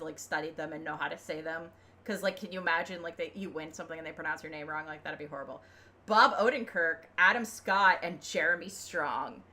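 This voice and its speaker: A young woman from the United States talks through a casual livestream. She rambles and sounds opinionated, full of fillers and quick laughs, and her voice sits at an ordinary middle pitch for a woman. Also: a bit bright. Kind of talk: casual chat.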